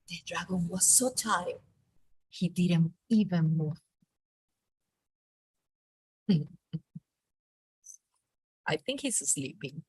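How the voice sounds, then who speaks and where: A woman teacher with a Colombian accent, reading a storybook aloud to a class with expressive, animated delivery before moving on to teaching. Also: on the low side, slow, long pauses, slight background noise. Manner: expressive, animated read-aloud with acted character lines. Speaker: teacher leading a reading workshop.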